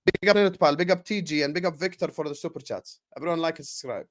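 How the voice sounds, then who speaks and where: A young man hosting a live football watchalong, chatting with viewers and calling the play with slangy, excitable banter. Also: fairly high pitch, fast. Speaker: watchalong streamer.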